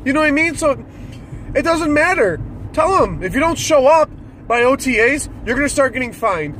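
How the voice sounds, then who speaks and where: A man's voice: extremely high pitch, very animated, normal speed, a bit bright, a little hiss or hum. A man ranting about football as a fan commentator, irritated and swearing freely. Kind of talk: solo sports rant.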